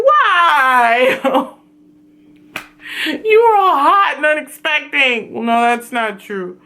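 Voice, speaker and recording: A woman reviewing a TV series in a casual, animated recap, swearing freely and telling it dramatically. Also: high-pitched. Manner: excitable, profane, dramatic storytelling.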